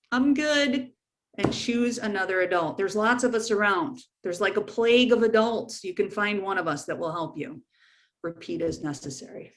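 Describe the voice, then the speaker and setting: A middle-aged woman counselor giving a frank, informal webinar talk to teens, repeating key points for emphasis. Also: mid-range voice. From United States.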